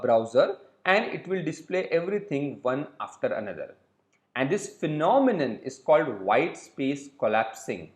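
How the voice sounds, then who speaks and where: Animated lecturing man in an echoey room. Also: medium pitch. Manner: explains slowly, repeats points and checks in with "okay?". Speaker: web development instructor. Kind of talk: recorded coding lecture.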